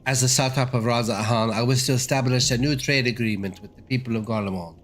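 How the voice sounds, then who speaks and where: A man's voice: mid-range voice, fairly even intonation, a bit bright, slight background noise, close to an everyday voice. Man doing a formal envoy with a put-on British accent. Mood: diplomatic. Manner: formal, measured. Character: courteous male envoy, formal and diplomatic.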